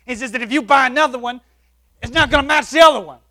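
High bright-voiced preacher man telling a story. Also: fast talker. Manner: animated storytelling, shifts loud to soft. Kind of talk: sermon testimony story.

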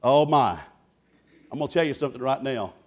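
A man preaching a sermon, loud and boisterous, telling folksy stories between points. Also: medium pitch, expressive, a little fast. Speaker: pastor.

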